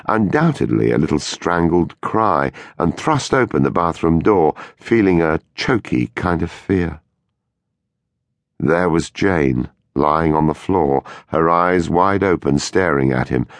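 Male thriller narrator: very deep, lively melody, dry studio sound, measured and suspenseful. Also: gravelly, no echo. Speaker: audiobook narrator. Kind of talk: scripted audiobook narration. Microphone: close studio mic.

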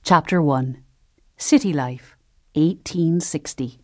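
Slow, measured woman narrating a novel. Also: sits low, dry recording, clean studio sound. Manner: measured, gentle storytelling. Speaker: audiobook narrator. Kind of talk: scripted first-person narration.

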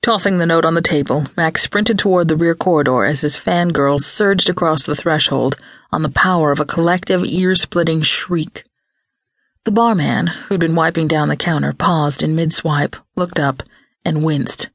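A woman narrating a paranormal romance audiobook in a lively, expressive scripted read. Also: low voice, moderate pace, dry recording, clean studio sound.

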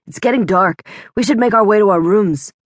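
A woman's voice: mid-range voice, fairly quick, no echo, studio quality, lightly acted. A woman voicing a cautious, sensible young male treasure hunter giving a warning.

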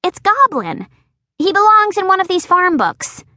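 A woman voicing an excitable, dramatic young girl who talks in a shrill, breathless way. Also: measured pace, no echo, studio quality, exaggerated voice. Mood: eager.

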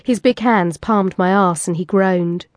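A woman narrating a first-person erotic audiobook, intimate and expressive. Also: medium pitch, unhurried, no room sound, clean studio sound.

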